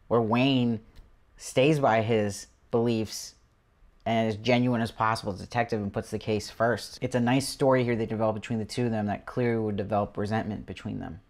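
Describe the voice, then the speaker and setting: A man talks through a crime-drama episode as the host of his own review channel. He is animated and quick to quote lines of dialogue, and his voice sits at an ordinary middle pitch for a man. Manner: animated, quotes characters in passing. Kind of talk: casual spoiler review.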